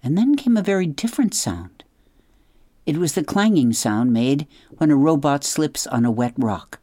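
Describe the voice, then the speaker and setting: A woman with a bass voice hosts a radio program, reading a children's novel aloud as scripted storybook narration. Her delivery is expressive and measured, with hushed dramatic asides, and there's no echo.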